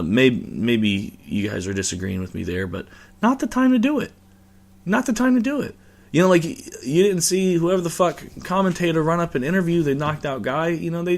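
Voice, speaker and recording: Gravelly man ranting, rambling and profane. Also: a little high, a bit bright. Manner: rambling, profane, many fillers and restarts. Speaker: host. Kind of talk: casual reaction rant about a fight.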